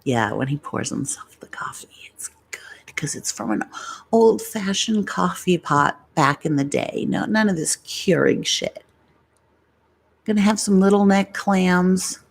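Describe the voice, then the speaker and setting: A woman voicing an old Boston grandpa ASMR host with a Boston accent, rambling slowly and folksily, partly in a whisper. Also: fairly low pitch, expressive, creaky, slightly rough, exaggerated voice. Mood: folksy.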